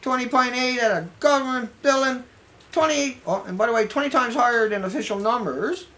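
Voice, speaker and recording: Sarcastic vlogger, bright sharp voice, rambles through headlines. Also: medium pitch, fairly quick. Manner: rambling, sarcastic, mutters asides to self. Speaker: video blogger. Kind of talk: casual commentary reading news headlines.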